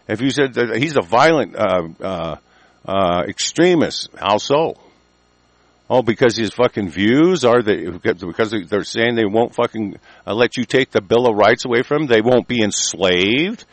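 A man's voice: mid-range voice, dry recording. Furious swearing man with a dry close voice. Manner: furious, swearing heavily, stumbles when reading aloud. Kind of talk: angry profane rant.

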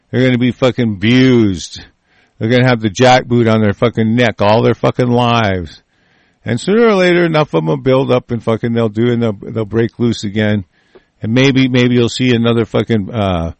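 A man talking in an angry, profane monologue, swearing constantly, breaking into shouted outbursts and stumbling over restarts. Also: medium pitch, creaky, no echo.

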